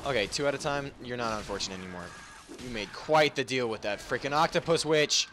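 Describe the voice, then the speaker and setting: A man giving casual, goofy gameplay commentary, laughing often and breaking into sudden excited outbursts. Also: mid-range voice, a little fast, a little hiss or hum. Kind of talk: casual let's-play commentary.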